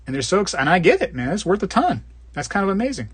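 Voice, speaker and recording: Very animated and fast, with a somewhat bright voice and a breathy edge, a live stream host from Florida jokes his way through viewer comments. He rambles casually and does squeaky voices for gags, with no echo in the audio.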